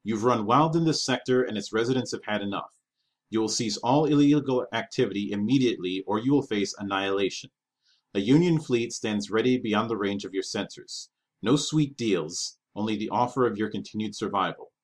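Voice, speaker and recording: A man's voice: on the low side, moderate pace, slightly rough. A man voicing a nervous male ambassador who speaks formally and tries to sound commanding. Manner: formal, stiff, strained authority. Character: nervous male space ambassador forcing authority.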